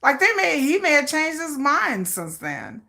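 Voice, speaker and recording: Animated, bright-voiced woman livestream host. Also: sits high, measured pace, vocal fry. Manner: animated, laughing, reacting to viewer comments; dramatic, playful ranting. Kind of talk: casual livestream chat.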